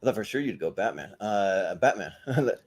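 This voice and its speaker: Male co-host, lowish voice, joking and chuckling. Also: lively intonation, moderate pace. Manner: playful, joking, chuckles often. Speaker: podcast co-host. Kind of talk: casual group chat.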